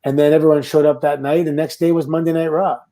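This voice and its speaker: A middle-aged man from Canada, a former wrestler, telling stories in a relaxed, casual interview. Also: fairly high pitch, quick pace. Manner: relaxed anecdotal storytelling with laughs and quoted voices. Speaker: guest, former pro wrestler.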